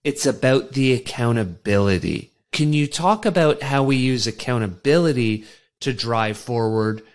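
A man's voice: medium pitch, expressive, moderate pace. A man hosting a podcast who puts brief affirmations to his guest and then asks a direct question. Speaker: podcast host. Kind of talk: casual interview.

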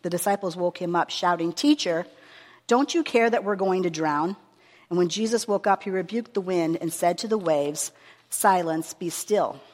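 Earnest woman preaching in a reverberant hall. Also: on the low side. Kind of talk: sermon with a long scripture reading.

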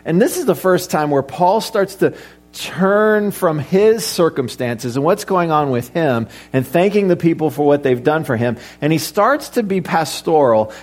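A middle-aged male pastor preaching a conversational sermon, with joking asides and rhetorical questions to the congregation. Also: on the high side.

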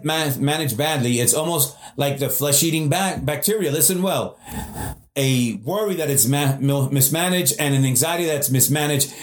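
A male pastor preaching a sermon with emphatic delivery, slowing down and speeding up, often repeating and restarting words. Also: a little high, echoey room, a little hiss or hum.

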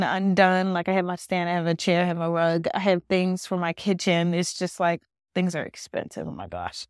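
A woman's voice: lowish voice, smooth, no room sound. Woman, solo podcast host, casual rambling storyteller, lots of "like", dry close sound. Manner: rambling storytelling, heavy use of "like". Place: her new apartment.

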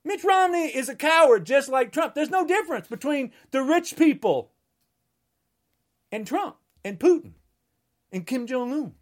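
Brief: heated woman ranting, high-pitched and swinging wildly, shouts now and then. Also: sing-song, moderate pace. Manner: angry, ranting, at times shouting. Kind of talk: political rant.

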